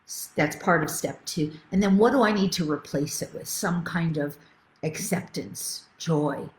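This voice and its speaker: A middle-aged woman coaches a live online group with bright enthusiasm, reading out viewers' comments and answering them. Her voice sits on the low side. The sound carries a noticeable room echo. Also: measured pace, slight background noise. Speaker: spiritual coach. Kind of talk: live webinar teaching.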